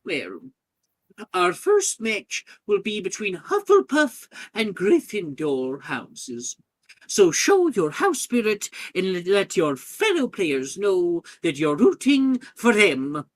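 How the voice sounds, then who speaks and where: A man voicing a brisk, proper older headmistress addressing a school hall. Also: high voice, wildly swooping pitch, pitched above the performer's own voice, exaggerated voice. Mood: announcing.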